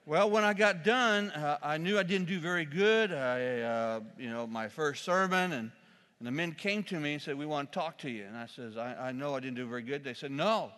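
A man, a pastor, preaching a sermon in a church, telling a humorous story with lively, shouted quotes. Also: fairly high pitch, normal speed, long reverb tail.

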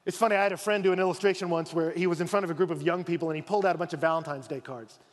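A male pastor preaching a sermon, telling stories with acted-out voices and dropping low and quiet for emphasis. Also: racing, long reverb tail. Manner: animated storytelling, acting out voices, dropping low and soft for emphasis.

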